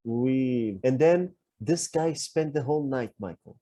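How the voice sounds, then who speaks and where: A man's voice: medium pitch, animated, a little slow, dark tone. A man co-hosting a podcast, telling a personal story in an earnest, self-reflective way. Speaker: podcast co-host. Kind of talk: candid conversational podcast talk.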